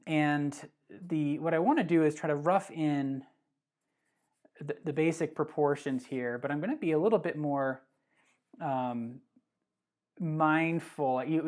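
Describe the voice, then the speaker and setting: Art instructor, live drawing demonstration, thinking aloud, chatty, many fillers. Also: mid-range voice. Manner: relaxed and chatty, with many fillers and self-corrections.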